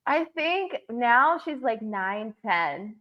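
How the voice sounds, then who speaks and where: A woman co-hosting a casual chat podcast, gushing and excitable, with a voice pitched a little high. The sound is slightly dull and muffled. She leans eagerly into every exchange. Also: takes it slowly. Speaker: podcast co-host.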